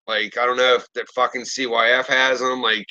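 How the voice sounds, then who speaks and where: A man in his thirties tells a story in loose, casual conversation. His voice is bright and forceful, and his speech is full of profanity. He acts out the lines of each person he quotes. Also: medium pitch, little pitch movement, a little fast, dull audio. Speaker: podcast host.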